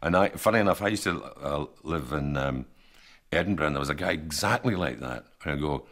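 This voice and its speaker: A man's voice: very deep voice, expressive, brisk, a bit bright. A man giving a reflective, chatty documentary interview.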